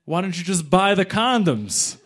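A man's voice: high voice, sing-song, normal speed, a bit bright, pitched above the performer's own voice, full character voice. A man doing a wry mocking police chief. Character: amused older male police chief.

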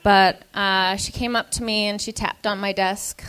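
A woman comedian telling a stand-up story in an animated, self-mocking way, acting out the people she quotes. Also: mid-range voice, moderate pace, hardly any pauses, clear, resonant tone.

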